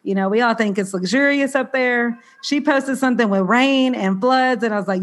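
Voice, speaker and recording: A woman's voice: fairly high pitch, moderate pace, hardly any pauses. A woman with a Southern US accent hosting a podcast, sounding a little nasal and congested, chatty and bubbly with a self-deprecating streak. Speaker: podcast host. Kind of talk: casual podcast chat.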